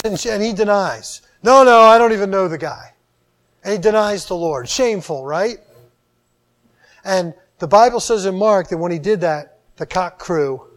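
A man with a high voice delivers a sermon. He is animated, hitting key words loudly. He then lets each phrase sink into quiet, drawn-out endings. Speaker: preacher.

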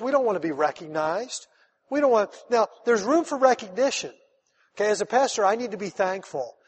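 A man's voice: sits high, breathy edge. A man, a pastor, preaching a conversational sermon that builds to emphatic, rising calls to his congregation. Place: church sanctuary. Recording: long hall reverb.

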